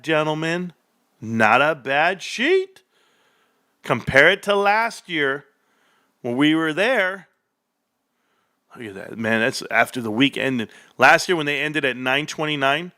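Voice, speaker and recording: A male livestream host reacting excitedly to an earnings report, reading figures aloud and bursting into shouts. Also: mid-range voice, dry recording, clean studio sound. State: out of breath.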